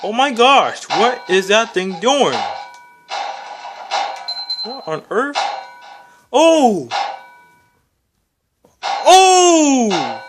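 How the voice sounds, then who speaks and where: A furious puppet hand, as a performer puts it on, shouting insults and baffled questions at a video game in comedic in-character commentary. The voice leaps wildly up and down in pitch but drags its words out slowly, with game music playing underneath. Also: big pitch swings. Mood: raging. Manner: yells insults and exasperated questions.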